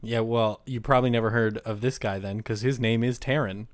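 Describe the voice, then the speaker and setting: A man chats casually with a smooth, resonant voice, teasing his friend before settling into a laid-back retelling of a story. The sound is dry and close to the mic. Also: mid-range voice, steady tone, a little fast, no room sound. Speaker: podcast co-host reading a listener story. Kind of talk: casual chat.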